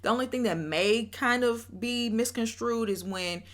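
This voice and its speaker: A young woman hosting her own channel, giving an opinionated, animated review of a reality show and talking straight to her viewers. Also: on the high side, moderate pace. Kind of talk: casual commentary rant.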